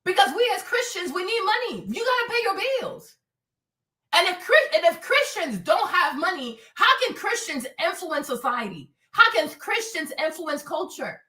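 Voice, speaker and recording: A woman's voice: very high voice, big pitch swings, moderate pace, bright, forceful tone, echoey room, recorded from a distance. A woman hosting a livestream, talking in an emphatic, repetitive, preachy way. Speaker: livestream host. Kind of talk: preachy casual livestream talk.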